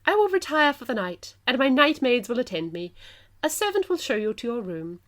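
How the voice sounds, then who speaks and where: A woman's voice: a little high, sing-song, pitched above the performer's own voice. A woman reading a haughty queen's lines in a plummy posh English accent, grand and imperious. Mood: regal. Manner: plummy, stately, drawn-out delivery.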